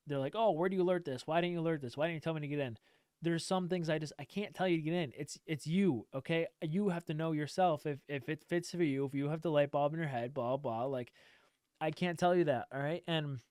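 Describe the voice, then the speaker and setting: Male trading streamer, emphatic and repetitive, resonant tone, somewhat high, dry close sound. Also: clean tone, no room sound. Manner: emphatic, repetitive, swears casually. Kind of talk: direct-to-camera rant.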